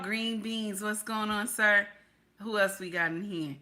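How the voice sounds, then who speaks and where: A woman's voice: mid-range voice, fairly even intonation, moderate pace, sharp tone. A woman hosting a casual livestream, chatty, calling viewers baby and honey and repeating herself for emphasis. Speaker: livestream host.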